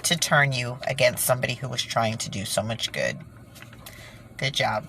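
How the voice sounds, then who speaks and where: A woman's voice: very deep voice, very animated, fairly quick, sharp tone, breathy edge, rough recording. A woman ranting indignantly in a casual monologue to her viewers, breaking off with sighs and nervous laughs. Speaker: vlogger.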